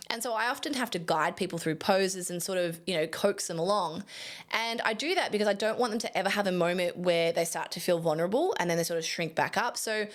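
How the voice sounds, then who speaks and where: A young adult woman, a photographer, casually telling a story to camera in a chatty, animated way, laughing at herself now and then. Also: fairly low pitch.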